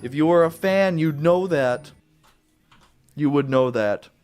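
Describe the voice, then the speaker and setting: A man's voice: on the high side, slow, a little mellow, clear, resonant tone, faint music behind. A man giving casual, playful commentary on a game, chatting with viewers in a silly, joking way. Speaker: gaming YouTuber.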